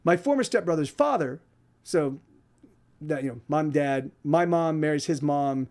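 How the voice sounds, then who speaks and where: A man's voice: fairly high pitch, lively intonation, measured pace, darkish tone. A man telling an angry, profane story in a rambling way, with many restarts. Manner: quotes others in put-on voices. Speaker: podcast host.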